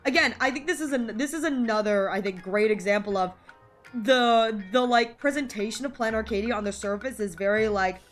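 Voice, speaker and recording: A woman's voice: a little high, a little fast, soft background music. A woman streaming a video game, teary and sniffly from crying, gushing over and over about how sweet the story is. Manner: gushing, effusive, repeats "so sweet". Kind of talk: live game commentary, reading dialogue aloud.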